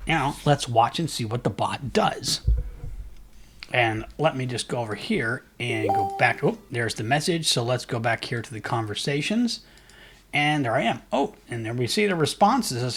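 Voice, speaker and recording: A man walks through a software setup in a loose, rambling way, full of fillers and restarts. Keyboard typing clicks along behind his voice as he works. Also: mid-range voice, animated, a little slow, slight background noise. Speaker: software tutorial host. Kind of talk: screen-recorded software tutorial.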